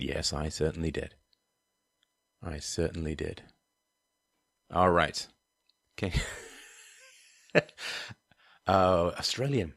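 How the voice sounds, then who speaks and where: A man's voice: deep voice, lively intonation, moderate pace, long pauses, a bit bright, no room sound, clean studio sound. A man hosting a livestream, answering chat questions in a digressive, wry way with frequent laughs. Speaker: livestream host. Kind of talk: livestream chat and donation appeal.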